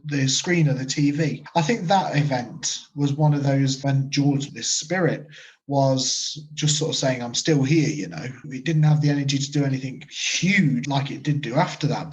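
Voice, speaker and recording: British male guest, 30s, casual rambling storyteller, mid pitch, dull lo-fi sound. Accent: British English. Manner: casual, rambling anecdotes with many fillers. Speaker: guest, medium. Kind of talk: storytelling interview. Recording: muffled lo-fi audio.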